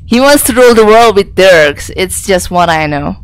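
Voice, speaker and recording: A woman playing a co-op game and chatting casually, laughing easily and reacting loudly. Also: medium pitch, expressive, moderate pace, a crowd in the background. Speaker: co-op game player. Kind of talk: casual gaming chat.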